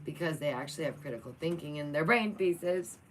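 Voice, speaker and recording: A young woman chats playfully through the news, her voice sitting on the low side. Faint noise hums behind her. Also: expressive, fairly quick. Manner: playful, chatty, talks to her cat between reading. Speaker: vlogger. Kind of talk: casual chat reacting to news.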